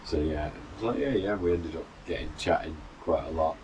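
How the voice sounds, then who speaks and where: Sitting on a mountain balcony, a middle-aged runner vlogger tells the rambling, chatty story of a long run, full of fillers and restarts. His voice is extremely low and darkish, with fairly even intonation and a brisk pace. A distant mic picks up noisy outdoor ambience.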